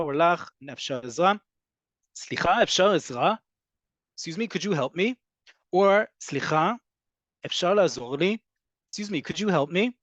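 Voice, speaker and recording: A man teaching a casual online Hebrew class, explaining words slowly and acting out tones of voice. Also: fairly high pitch, no room sound.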